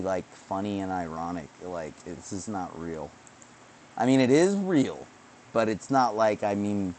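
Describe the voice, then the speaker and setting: A man's voice: fairly low pitch, a little mellow, slight background noise. A man rambling through a casual livestream monologue, self-mocking and profane. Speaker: streamer.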